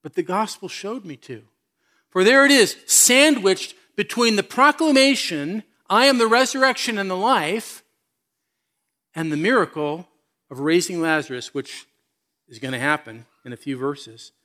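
A man's voice: sits high, expressive, unhurried, bright, forceful tone. A man preaching a sermon as pastor, reading scripture and speaking earnestly with questions to his listeners.

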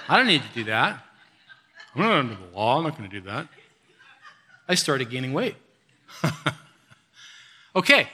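A man preaching a sermon in a lively, laughing way, jumping between loud bursts and quiet asides. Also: fairly high pitch. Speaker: pastor.

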